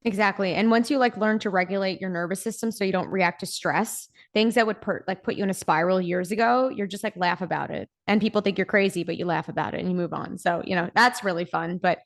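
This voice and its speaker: A young woman guesting on a podcast, talking candidly in a relaxed way, often saying "like" and swearing casually. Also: medium pitch, fast, few pauses.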